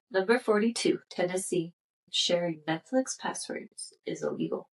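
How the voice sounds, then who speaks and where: A woman's voice: lowish voice, vocal fry, far from the mic, poor audio. Woman reading odd laws, slightly off-mic. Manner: reads facts aloud with joking asides. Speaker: podcast co-host. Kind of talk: casual chat reading out weird laws.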